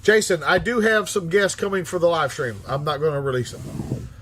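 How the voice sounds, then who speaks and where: A man in his fifties hosting a livestream, reading chat aloud and answering in a blunt, profane, animated way. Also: a little high, normal speed, slight background noise. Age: 50s.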